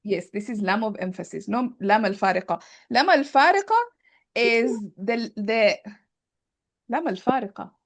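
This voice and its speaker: A woman with a fairly high voice teaches grammar over a video call. She explains patiently, thinks out loud and keeps checking that her students have understood. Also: expressive, normal speed. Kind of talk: online class explanation.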